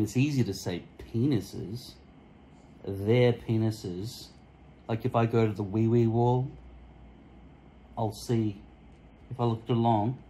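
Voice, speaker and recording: Male vlogger, low-ish voice, crude tangent-hopping solo rant into a phone camera at home, faint noise behind. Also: mellow, poor audio. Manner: profane, tangent-hopping, mock-offensive. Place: indoors at home, in front of a mirror. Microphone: phone camera stuck to a mirror.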